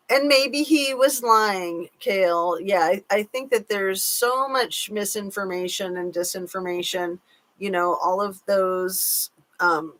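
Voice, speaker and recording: Woman, mid-pitched, casual livestream host, chatty, reads out viewer comments. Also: a bit bright. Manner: chatty, reads comments aloud, cautious with hedging. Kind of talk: casual live chat.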